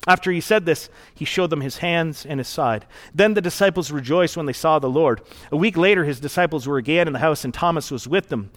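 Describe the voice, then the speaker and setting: A man's voice: on the high side, brisk, few pauses, a bit bright. A man preaching a sermon as pastor, in an earnest, conversational and reflective storytelling manner.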